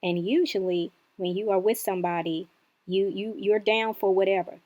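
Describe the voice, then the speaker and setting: Woman, reaction host, mid-pitched voice, indignant, lecturing, drawn-out emphasis. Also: fairly even intonation, narrow, tinny audio. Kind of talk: critical reaction commentary.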